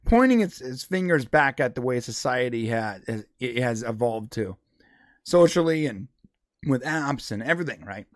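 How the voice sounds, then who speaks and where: Lively laughing man podcaster. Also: medium pitch, moderate pace, dry recording, clean studio sound. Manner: animated, mimics voices in quotes, laughs often. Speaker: podcast co-host. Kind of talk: casual chat.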